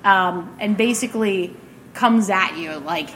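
A woman's voice: medium pitch, a little slow, fairly bright tone, a little hiss or hum. A woman hosting a podcast at a gaming convention, giggling and rambling as she narrates a tabletop game. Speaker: podcast host and game master.

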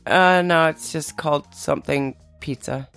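A woman's voice: low voice, a little slow, a bit bright, clean tone, soft background music. A woman, the host's mother, chatting casually on a podcast in a dry, matter-of-fact way. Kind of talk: casual chat.

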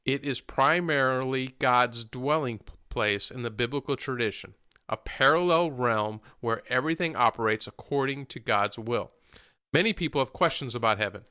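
A man in his forties co-hosts a casual Christian podcast, his voice bright and forward. He talks easily, laughs often and trips over a word now and then. The sound is close and dry. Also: mid-range voice, moderate pace, clean tone, dry recording. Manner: chatty, laughs easily, stumbles over words. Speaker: podcast co-host.

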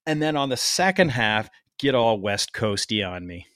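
A man's voice: medium pitch, big pitch swings, moderate pace, fairly bright tone, dry recording. A man from Canada hosts a medical podcast in a teasing, jokey way. His voice rises and falls a lot as he talks. The sound is dry and close. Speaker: podcast host. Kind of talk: casual chat.

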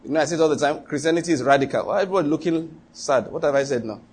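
A man's voice: on the high side, very fast, darkish tone, breathy edge. A man preaching a sermon as pastor, emphatic and repetitive, often quizzing the congregation with rhetorical questions.

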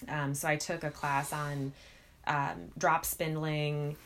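Low-voiced woman, measured chat. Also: level tone. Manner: measured, thinks aloud with frequent pauses. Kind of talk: casual chat.

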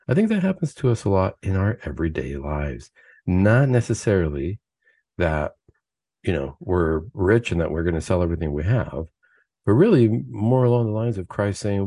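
A man's voice: low-pitched, animated, fairly quick, mellow, no room sound, clean studio sound. A man hosting a Catholic talk show, giving an earnest, conversational spiritual reflection full of rhetorical questions. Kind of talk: spoken reflection, casual preaching.

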